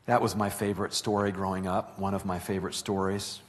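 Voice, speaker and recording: A man's voice: sits low, level tone, fairly quick. A middle-aged man preaching, telling a family story in an earnest way that builds to emphatic stretches. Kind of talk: sermon storytelling.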